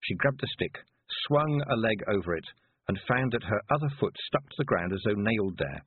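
A man reading a story aloud as narrator, expressive, with a husky voice. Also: fairly low pitch, moderate pace, no room sound. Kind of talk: audiobook reading. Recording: dry, phone-like narrow sound.

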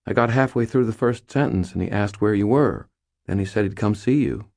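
Male narrator doing a raised-pitch young woman apprentice, earnest and protective, pleading. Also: brisk, darkish tone, close to an everyday voice. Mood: protesting. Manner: pleading, tearful.

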